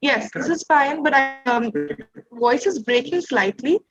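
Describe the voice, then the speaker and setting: A woman moderating a webinar over a video call, politely asking the speaker to talk louder. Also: high-pitched, unhurried. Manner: polite, courteous. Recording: dull lo-fi call with faint music.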